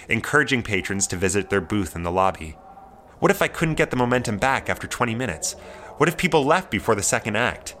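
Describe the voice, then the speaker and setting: Bright-toned young man narrating his story. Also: lowish voice, slight background noise. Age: young adult. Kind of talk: reflective personal narration.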